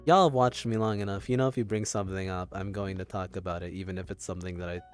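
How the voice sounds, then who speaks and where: A man's voice: low-pitched, fairly even intonation, quick pace, smooth, soft background music. A man co-hosting a podcast in casual chat, rambling and self-mocking, laughing often. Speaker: podcast co-host.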